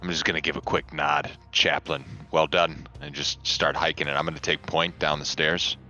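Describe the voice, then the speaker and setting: A man's voice: rumbling low, flat delivery, brisk, bright, forceful tone, faint music behind. A man playing a tabletop role-playing game, casual and decisive about his character's moves. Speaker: player. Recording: dull lo-fi mic.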